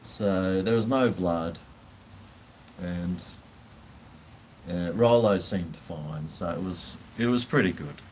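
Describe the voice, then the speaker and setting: A man telling a casual, rambling story, with frequent pauses and casual swearing. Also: sits low, darkish tone, a little hiss or hum, poor audio. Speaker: vlogger.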